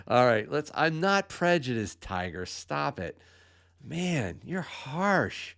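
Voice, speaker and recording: A man's voice: medium pitch, big pitch swings, takes it slowly, gravelly, fairly bright tone. A man hosting a live podcast giveaway, upbeat and laughing often as he calls out winners' names. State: out of breath. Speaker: podcast host. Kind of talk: livestream giveaway chat.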